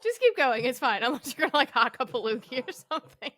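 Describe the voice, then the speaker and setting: A woman's voice: sits high, sing-song, quick pace, fairly bright tone. A woman co-hosting a podcast in casual chat, teasing and laughing with her partner. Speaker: podcast co-host.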